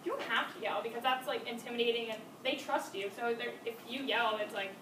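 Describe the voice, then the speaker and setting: A quick-talking young woman presents in class, loose and filler-heavy, her voice a little high. She is recorded from far off in an echoey room, with plenty of noise around her. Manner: casual, lots of fillers. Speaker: student presenter.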